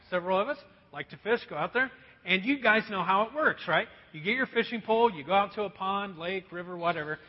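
A man's voice: high-pitched, breathy edge. A male pastor preaching a sermon in a conversational way, often asking the congregation questions. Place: church hall. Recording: dull lo-fi recording in a reverberant hall.

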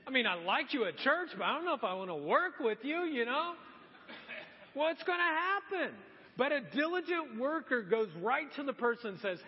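A very high-pitched man preaching in a church sanctuary, chatty and animated as he plays out little scenes. His voice rings with a long hall echo, and the recording sounds muffled. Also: normal speed. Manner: animated, conversational preaching with acted-out quotes. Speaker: pastor. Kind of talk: sermon.

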